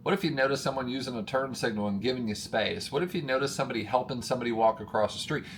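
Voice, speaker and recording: Speaking very fast, an emphatic motivational coach delivers a talk to camera in a mid-pitched male voice, his energy climbing. He treats the audience as friends and drives every point home, getting worked up, over a faint hiss of noise.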